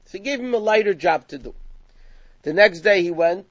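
A man teaching a Talmudic story to a class, acting out the dialogue with lively emphasis. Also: sits high, moderate pace, no echo. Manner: animated, acts out dialogue with rising emphasis. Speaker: Torah teacher. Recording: dull lo-fi sound.

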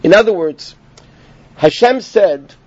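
Guy giving a torah class, kinda high voice, gets animated telling the story, muffled dry recording. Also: takes it slowly. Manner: animated storytelling, rising with emphasis, Yiddish-inflected learning terms. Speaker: rabbi teaching a Torah class. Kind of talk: Torah lecture.

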